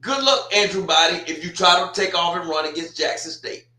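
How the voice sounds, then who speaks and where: A man's voice: sits high, animated, brisk, pushed and bright. A man co-hosting a podcast, talking in a brash, teasing way about football. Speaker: podcast co-host. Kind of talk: casual podcast chat. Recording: echoey room.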